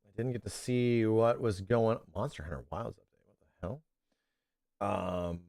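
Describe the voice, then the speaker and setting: A man livestreaming in casual chat with his audience, animated and rambling, swearing freely and calling people bro and dude. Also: fairly low pitch, moderate pace, no echo, studio quality.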